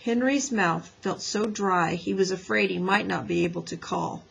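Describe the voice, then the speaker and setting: A woman teacher reading a children's book aloud in a lively storybook manner, slightly raspy. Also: fairly low pitch, normal speed, low-quality recording.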